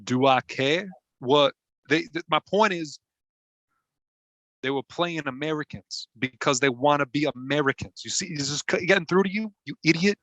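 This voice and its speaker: A man doing an improvised impression of a crude, boastful Southern ex-president, drawling slow brags and rude insults in a Southern accent. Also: a little high, fairly bright tone, no room sound, dull audio, lightly acted. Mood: scornful. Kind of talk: improv comedy.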